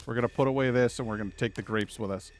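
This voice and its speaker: A man's voice: mid-range voice, rapid-fire, slight background noise. A man streaming a game live, chatting casually and rambling through jokes and puns as he plays. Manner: rambling, jokey, punning. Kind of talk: casual live gameplay commentary.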